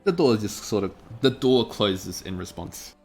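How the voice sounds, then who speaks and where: Male game master, casual narration, lowish voice, faint music behind. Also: animated, a little slow, darkish tone, slightly rough.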